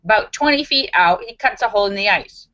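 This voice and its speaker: A woman's voice: medium pitch, animated, bright, forceful tone, highs cut off. A woman hosting a livestream, reading viewers' jokes aloud in a casual way, laughing often and putting on voices for the quotes. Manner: reads slowly, laughs at her own jokes, puts on voices for quotes.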